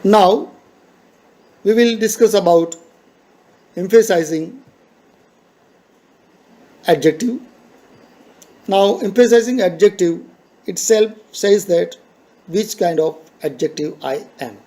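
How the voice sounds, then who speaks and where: A man's voice: high-pitched, takes it slowly, long pauses, mellow. A man teaching a grammar lesson, patiently repeating each point in simple phrases.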